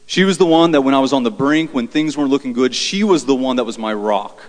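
A priest voicing a blunt, gruff elderly man making his confession, recorded with long church reverb. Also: mid-range voice, animated, fast talker, lightly acted. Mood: confessing. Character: elderly male ex-thief, blunt and plainspoken.

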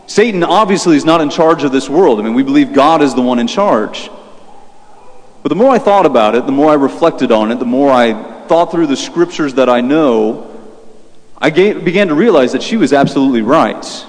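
A man's voice: fairly high pitch, animated, normal speed, long reverb tail. A young man, a Catholic priest, preaching a sermon in a conversational way, telling a personal story with fillers and restarts.

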